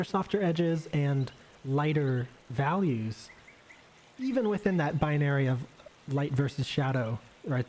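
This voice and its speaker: A man giving a relaxed, rambling live painting demonstration, thinking aloud with many fillers and restarts as he works. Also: fairly high pitch, slight background noise. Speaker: art instructor painting live. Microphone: desk microphone on a livestream.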